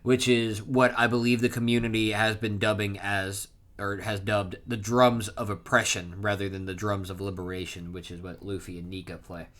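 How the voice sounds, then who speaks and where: Excitable man recapping a manga chapter. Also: on the low side, moderate pace. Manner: excitable, reads panel dialogue aloud with bursts of loud emphasis; rambling with frequent restarts and self-corrections. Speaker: manga reaction streamer.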